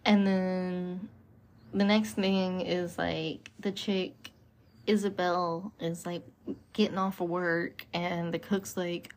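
A woman's voice: lowish voice, little pitch movement, slow pace, a little mellow. A woman co-hosting a casual chat, retelling a horror movie scene by scene in a laid-back way with plenty of swearing. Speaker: podcast co-host.

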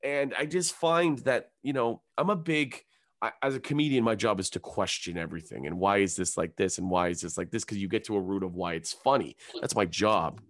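A young adult man, a comedian, chatting casually on a podcast, swearing freely and jumping into high mocking voices when he quotes people. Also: fairly quick.

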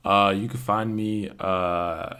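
Easygoing young man with a deep voice. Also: fairly even intonation, takes it slowly, pushed and bright, smooth. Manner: easygoing, stammers on restarts. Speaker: podcast guest. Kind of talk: casual podcast chat.

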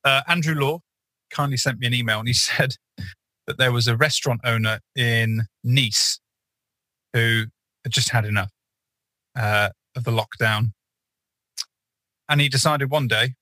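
A man's voice: mid-range voice, steady tone, unhurried, pauses often, pushed and bright, no room sound, low-quality recording. A man co-hosting a podcast, telling a rambling story in casual chat with many fillers and restarts. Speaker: podcast co-host.

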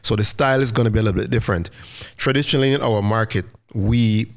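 Low-voiced man explaining wine casually. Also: quick pace. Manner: explains wine terms, gently teaching. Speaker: wine podcast co-host. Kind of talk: casual chat.

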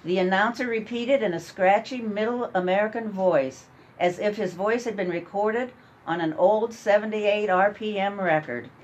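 A woman narrating a story in an amateur radio drama, reading in a measured way. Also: medium pitch, lo-fi sound.

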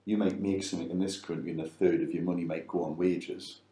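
Deep-voiced middle-aged man, echoey room. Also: level tone, fast, mellow. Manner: rambling, repeats words while thinking. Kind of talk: casual business chat.

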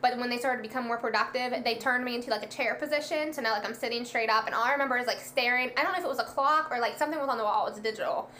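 A young woman telling a personal story in a casual, animated way, acting out the quoted lines. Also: a little high, very fast, hardly any pauses, slight background noise. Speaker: guest telling a birth story.

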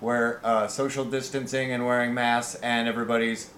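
A man co-hosting a loose comedy podcast, tossing in quick, wry asides. His voice sits at an ordinary middle pitch. The room around him is echoey, with a faint hum behind. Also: level tone, fairly bright tone. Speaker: podcast co-host. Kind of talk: casual comedy podcast chat.

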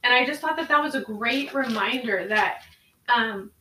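A woman's voice: on the high side, moderate pace, pushed and bright, recorded from a distance, soft background music. A woman co-hosting a podcast, sharing a devotional thought and then praying aloud in an earnest, repeating way. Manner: earnest, prayerful, repeats phrases. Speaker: podcast co-host. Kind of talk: spoken prayer and devotional talk. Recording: echoey room, voice off-mic.

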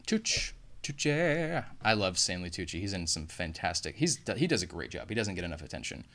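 A man's voice: low-pitched, lively intonation, fast talker, a bit bright. A man co-hosting a podcast in casual chat, rambling and swearing as he goes. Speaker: podcast co-host.

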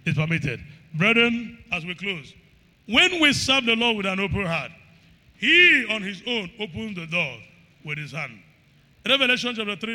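A man's voice: high-pitched, pushed and bright. A man preaching a sermon, quoting scripture and asking the congregation to finish his lines. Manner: call-and-response questions to the congregation; reads scripture in King James wording, rising and falling emphasis. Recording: long hall reverb.

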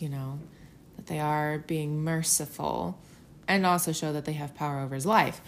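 A young woman with a fairly low voice talks casually about scripture, chatty and animated, acting out the quotes with gasps and little whispers. There's slight background noise.

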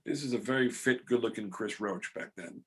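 A man's voice: medium pitch, brisk, a bit bright, breathy edge. A middle-aged man, the podcast host, telling a rambling, self-deprecating story in casual chat.

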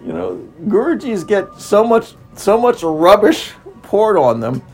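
A man's voice: high voice, big pitch swings, darkish tone, faint music behind, poor audio. A man speaking as a spiritual teacher in an unscripted talk, repeating himself, restarting phrases and drawing out words. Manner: repetitive, with frequent restarts and drawn-out words.

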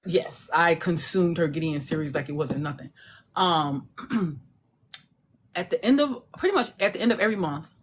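A woman's voice: lowish voice, a little hiss or hum. A woman, an indie author, chatting casually and animatedly, acting out voices with laughter and salty language. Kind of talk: casual chat.

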